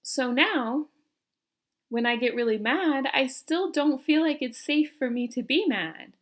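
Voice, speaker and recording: A woman's voice: sits high, lively intonation, unhurried. A young woman coaching viewers in a self-help video, talking earnestly and asking them questions. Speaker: personality coach. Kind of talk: direct-to-camera self-help talk.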